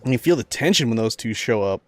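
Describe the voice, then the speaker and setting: A man's voice: mid-range voice, expressive, fast, no room sound, faint music behind. A man streaming a game in casual chat, rambling through stories, laughing often and reading game lines aloud.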